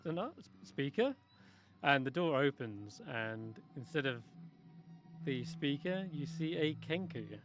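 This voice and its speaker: A man narrating a tabletop game as game master, halting with many ums and restarts. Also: medium pitch.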